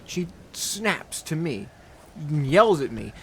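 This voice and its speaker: A man's voice: fairly high pitch, normal speed, a little hiss or hum. Laughing man telling crude stories. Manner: laughs constantly, crude and animated. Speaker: podcast host. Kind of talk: comedic storytelling chat.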